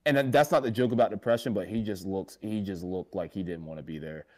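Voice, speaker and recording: A man's voice: deep voice, quick pace, a little mellow. A young man co-hosting a casual panel chat, rambling with many fillers and restarts, slipping into giggles. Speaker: podcast co-host.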